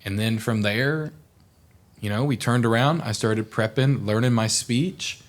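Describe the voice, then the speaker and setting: A man's voice: medium pitch, unhurried. A young man from Oklahoma, a podcast guest, telling stories in casual chat and acting out the people in them. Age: young adult. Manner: animated storyteller, acts out quoted people.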